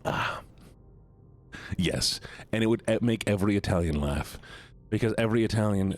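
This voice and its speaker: A man's voice: lowish voice, lively intonation, slow pace, pauses often, soft background music. A man streaming live, chatting casually with viewers, rambling, stumbling over his words and giggling often. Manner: stumbles and restarts mid-sentence.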